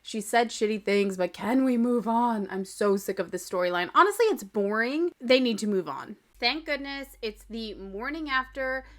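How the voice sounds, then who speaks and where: A woman's voice: a little high, animated, moderate pace, hardly any pauses. Chatty young woman hosting a podcast. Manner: chatty, opinionated, laughs often. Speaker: podcast host. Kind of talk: casual reality-TV recap. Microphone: podcast microphone.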